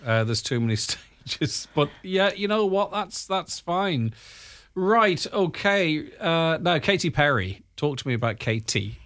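A man's voice: a little high, big pitch swings, fairly bright tone. A male radio presenter, chatting casually and wryly with a co-host on air. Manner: chatty, wry, quick to laugh.

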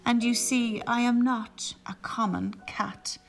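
A woman voicing a posh, pampered male house cat who frets, in a hushed, half-whispered way. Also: fairly high pitch, steady tone, takes it slowly, vocal fry, voice pushed up. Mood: polite.

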